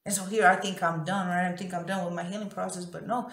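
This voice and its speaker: Blunt, swearing woman with a low voice. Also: steady tone, fast, a bit bright, echoey room. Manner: raw, profane, emotionally open. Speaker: vlogger. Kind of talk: confessional storytelling.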